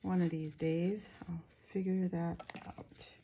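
A woman crafting vlogger talking casually to her viewers as she shows her handmade pieces, chatty and quick to laugh. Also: fairly low pitch, flat delivery, vocal fry, very noisy. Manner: chatty, laughs often, talks to viewers while showing her work.

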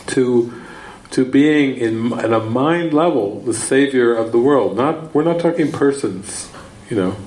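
A man's voice: medium pitch, unhurried, echoey room, rough recording. A man, a spiritual teacher, telling a rambling story in a retreat teaching talk, repeating himself as he goes. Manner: rambling, repeating words, breaks into excited shouted quotes. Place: retreat session room.

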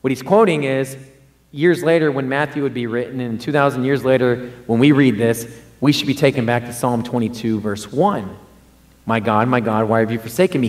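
A man preaching a sermon in a conversational way, often repeating and restarting words and rising for emphasis. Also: mid-range voice.

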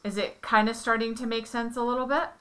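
A woman's voice: fairly high pitch, little pitch movement, fast, sharp tone. A woman tutoring one-on-one, patiently explaining step by step with examples. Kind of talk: one-on-one Spanish lesson.

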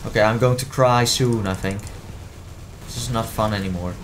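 A man's voice: on the low side, steady tone, normal speed, a little hiss or hum. A man commentating his own gameplay in a playful, easily exasperated way, often stammering and repeating words. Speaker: gaming commentator.

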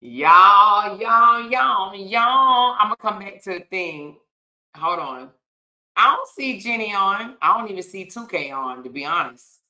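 Bright-voiced laughing woman livestream host. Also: medium pitch, expressive, unhurried. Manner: laughs often, drawls y'all, child and honey. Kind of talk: casual live-stream chat reading comments.

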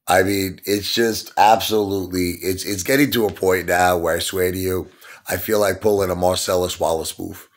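Middle-aged New man, fed-up vlog rant, lowish voice, lots of rhetorical questions. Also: fairly even intonation, moderate pace. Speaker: online stock vlogger. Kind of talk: ranting vlog monologue.

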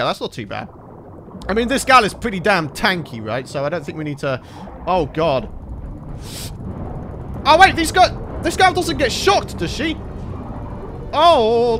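A British man commentating a game he is playing, excitable and prone to panicked shouts and yelps. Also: sits high, slight background noise. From Britain. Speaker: gaming channel host. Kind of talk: let's play commentary.

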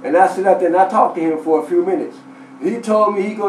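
Emphatic high-voiced man in an echoey room. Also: quick pace, distant mic, slight background noise. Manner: emphatic, repeats himself, quotes others. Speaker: tenant telling his story. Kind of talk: animated personal account. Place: inside a rented house.

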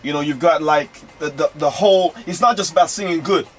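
A man's voice: fairly high pitch, fairly quick, soft background music. A man from London with an American Southern accent, a rapper guest talking laid-back and slangy in a radio studio. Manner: laid-back, slangy, many fillers like "man" and "you know". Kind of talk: casual radio interview.

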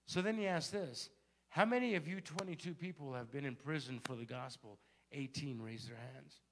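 A man's voice: mid-range voice, normal speed, noisy background. A male pastor telling a story in a sermon and building to fervent exhortation. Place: church sanctuary.

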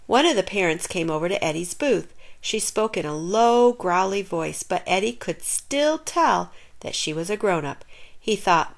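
Animated woman reading a kids' book. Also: medium pitch, a little slow, vocal fry. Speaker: narrator. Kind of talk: reading a children's picture book aloud.

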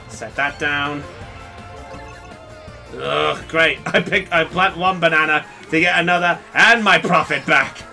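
A male game streamer giving excitable live commentary, laughing often and chatting with viewers. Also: high-pitched, slow pace, creaky, faint music behind.

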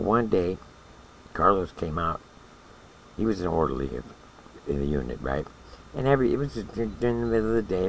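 A man's voice: sits low, creaky, slight background noise, poor audio. An older man who served time in prison, casually telling a story in a blunt, profane way and often checking in with "all right?".

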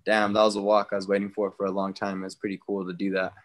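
A young man from New Mexico, a guest fighter talking casually in an interview, relaxed and slangy. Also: low voice, fast talker. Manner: relaxed, slangy, retells talks with others in quoted bits.

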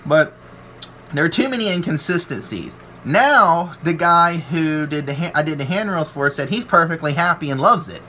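A man's voice: a little high, expressive, moderate pace, bright, forceful tone, a little hiss or hum. Fired-up man ranting. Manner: aggrieved, rambling, quotes people in voices. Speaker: welder and channel owner. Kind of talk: ranting to camera.

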